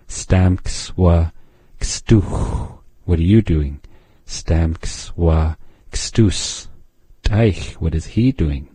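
Slow, low-voiced man teaching pronunciation. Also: warm tone, breathy edge, dry recording. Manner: slow, careful pronunciation drills. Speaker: language teacher. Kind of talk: language lesson.

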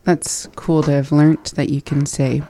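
Woman, low warm voice, slow and careful, practising phrases in a language lesson, dry close sound. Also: flat delivery. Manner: practises phrases slowly and laughs at her slips. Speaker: language learner and co-host. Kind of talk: casual language lesson chat.

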